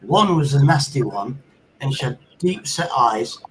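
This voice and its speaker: A man's voice: medium pitch, big pitch swings, a little slow, fairly bright tone, slight background noise, poor audio. A middle-aged man, telling sweary anecdotes in casual chat on a livestream. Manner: swearing anecdotes with sound effects. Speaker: livestream host.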